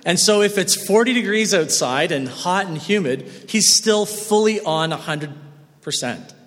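A man preaching from the pulpit with a high, light voice. His delivery is expressive, rising loud and dropping soft, and a long church reverb trails each phrase. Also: unhurried. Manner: expressive preaching with wide swings in loudness. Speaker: pastor. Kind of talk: sermon. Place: church sanctuary.

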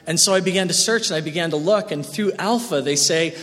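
High-voiced pastor in reverberant church. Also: male voice, fairly quick. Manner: expressive preaching with wide swings in loudness. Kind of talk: sermon. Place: church sanctuary.

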